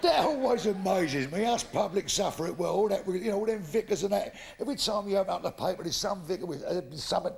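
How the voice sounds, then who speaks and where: A Cockney comedian in his fifties works a theatre stage, telling bawdy jokes and voicing the characters in his stories with shifting impressions. His high, gravelly, slightly mellow voice races along with lively intonation and hardly a pause. Audience laughter fills the live recording.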